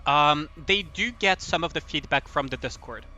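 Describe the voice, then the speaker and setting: A man's voice: a little high, lively intonation, normal speed, bright, forceful tone, faint music behind. A man streaming a game and chatting casually with viewers, rambling and often asking "right?" as he talks. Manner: rambling, repeats "right?" and "at the end of the day". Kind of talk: casual chat while playing a game.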